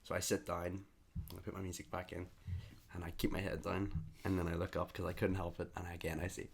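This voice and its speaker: Young male podcast co-host with a slightly low voice, spinning a casual anecdote and voicing the characters in it himself. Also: brisk, creaky, slightly rough. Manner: animated anecdote teller who acts out the other people's lines. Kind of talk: casual storytelling chat.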